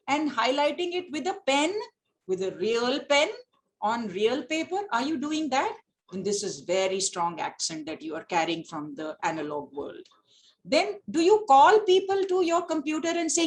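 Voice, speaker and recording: A woman's voice: high-pitched, poor audio. A middle-aged woman with an Indian accent, a professor giving an online lecture over a video call, asking her listeners a run of rhetorical questions. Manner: rhetorical questions, switches into Hindi for quoted students. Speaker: professor giving a faculty talk.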